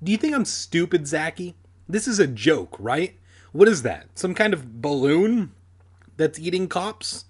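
A man's voice: fairly high pitch, sing-song, slightly rough, pitched above the performer's own voice. A man reading aloud and voicing a cocky boy, raised and sarcastic, rattling off mocking questions. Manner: sarcastic and rapid. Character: cocky mocking boy who scoffs at danger.

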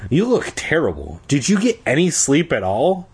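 A man's voice: fairly high pitch, wildly swooping pitch, normal speed, husky, full character voice. A man voicing a concerned teenage girl who fusses over her friend. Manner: fussing, sympathetic.

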